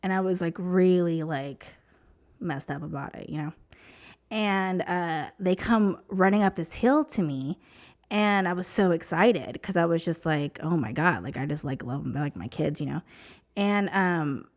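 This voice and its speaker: A woman's voice: fairly low pitch, measured pace. A woman from New Mexico, a podcast guest, telling a personal story in an emotional, chatty way, full of "like" and "you know".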